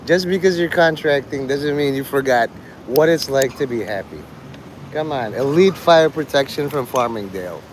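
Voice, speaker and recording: A man's voice: mid-range voice, animated, moderate pace, a little hiss or hum, low-quality recording. A man streaming, rambling in casual commentary, sarcastic and swearing, mocking people. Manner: sarcastic, swears, mocks others in put-on whiny voices.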